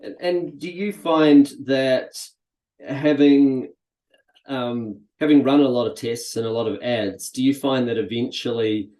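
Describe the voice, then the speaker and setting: A man's voice: mid-range voice, a little slow. Chatty male host in echoey room. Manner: relaxed, chatty, many fillers. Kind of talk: casual interview.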